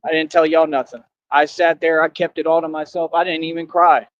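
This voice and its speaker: Fired-up preachy man with a high voice. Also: flat delivery, fairly quick, a little hiss or hum. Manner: preachy, defiant, swings between shouting and low brooding. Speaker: livestreamer. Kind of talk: impassioned streamed rant. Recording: dry, dull lo-fi stream audio.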